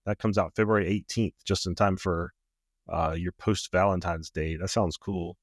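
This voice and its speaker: A man co-hosting a podcast, his voice sitting low. He chats in a relaxed, casual way, reading blurbs and laughing easily. The sound is close and dry with no room in it. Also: normal speed, no room sound. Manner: relaxed, reads book blurbs aloud with frequent "uh"s and easy laughs. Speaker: podcast co-host.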